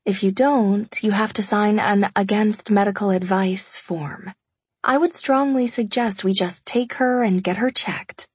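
A powerful husband, curt and used to giving orders, softening now and then, as a woman narrator voices him. The breathy voice sits a touch lower and stays dry and close, a storybook tough man. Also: fairly even intonation, measured pace, no echo. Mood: firm. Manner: curt, commanding. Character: commanding wealthy husband, cold but tender.

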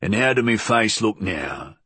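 A man voicing a rough, bearded male thief who talks gruffly. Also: lowish voice, animated, moderate pace, a bit bright, no room sound.

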